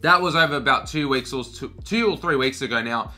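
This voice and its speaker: A man's voice: medium pitch, fairly quick, bright, forceful tone, faint music behind. A young man chatting casually in a Q&A vlog, loose and slangy, swearing freely and talking between bites of cereal. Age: young adult. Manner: talks while eating cereal. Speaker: fashion vlogger. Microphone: camera mic.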